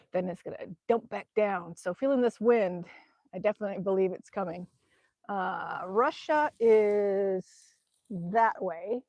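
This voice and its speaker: A woman's voice: mid-range voice, a little mellow, no echo. A woman chatting casually on a live stream outdoors in winter, rambling with many ums as she reads the chat. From Alaska. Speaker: vlogger reading live chat. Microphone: phone camera.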